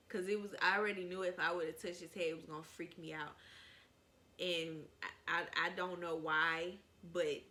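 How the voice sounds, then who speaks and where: A woman's voice: lowish voice, pushed and bright, a little hiss or hum. A young woman vlogger telling a casual, rambling story, with many "like"s.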